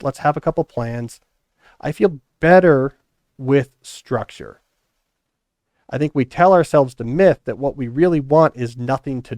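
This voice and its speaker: Middle-aged man, podcast host, relaxed reflective chat, dry close sound. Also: medium pitch, no echo. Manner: relaxed, reflective, thinking aloud. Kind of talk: casual chat.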